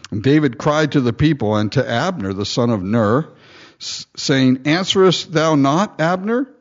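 A male pastor preaches in a slow, unhurried way, with his pitch rising and falling a great deal as he tells the story. He reads the scripture aloud and acts out its lines, chuckling often. The recording sounds dull and lo-fi. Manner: lively storytelling, reading King James verses and acting them out. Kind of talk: verse-by-verse sermon.

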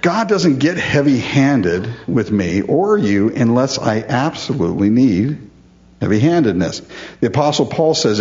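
Animated middle-aged preacher, lo-fi sound. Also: male voice, mid-range voice, measured pace. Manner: animated, chuckles often, voices the psalmist in character. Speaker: pastor. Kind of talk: sermon. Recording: dull lo-fi sound.

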